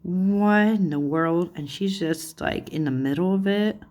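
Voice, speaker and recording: Gushing slow-talking woman, low voice. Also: a little mellow. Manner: gushing, easily delighted, lots of "like" and "oh my goodness". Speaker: tarot channel host. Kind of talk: chatty deck flip-through.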